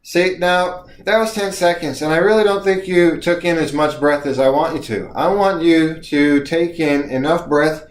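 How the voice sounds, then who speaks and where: A man's voice: on the high side, normal speed, hardly any pauses, roomy sound. A man coaching viewers through breathing exercises in an encouraging, instructional way. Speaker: speaking coach. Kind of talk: instructional video lesson.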